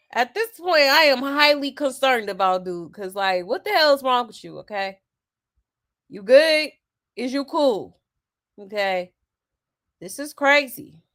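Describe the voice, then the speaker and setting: A woman's voice: mid-range voice, fairly bright tone. A woman hosting a casual celebrity gossip commentary, sassy and exasperated, reading out viewer comments and laughing along. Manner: sassy, exasperated, full of asides.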